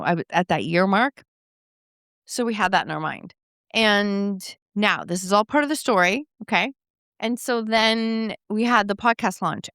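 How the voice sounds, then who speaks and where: A woman's voice: medium pitch, no echo, studio quality. Chatty middle-aged woman telling a story. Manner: conversational, animated, acts out quoted dialogue. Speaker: podcast host. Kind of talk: solo podcast storytelling.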